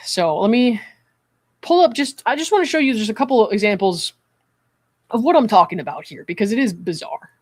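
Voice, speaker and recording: A psychiatric evaluator hosting a commentary stream, reading a call transcript aloud and then explaining their view in a measured, earnest way. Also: mid-range voice, lively intonation, no room sound. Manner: measured and earnest, often checking in with "right?".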